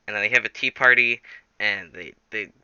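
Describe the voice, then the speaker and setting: A man's voice: fairly low pitch, normal speed, bright, forceful tone, clean tone, no echo, highs cut off. A man casually telling a rambling story, full of fillers and restarts, acting out the characters. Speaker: storyteller, channel host.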